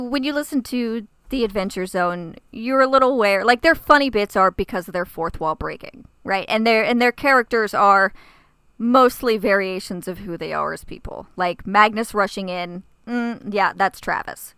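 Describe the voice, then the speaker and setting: A woman's voice: medium pitch, normal speed, pushed and bright, smooth, no echo. A woman co-hosting a podcast, chatting casually and gushing with enthusiasm. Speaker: podcast co-host. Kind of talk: casual chat.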